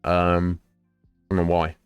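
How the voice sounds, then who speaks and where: A man's voice: low-pitched, monotone, a little slow, smooth, no echo, soft background music. A man chatting casually with viewers during a game stream, rambling from topic to topic. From United Kingdom. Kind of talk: casual chat while gaming.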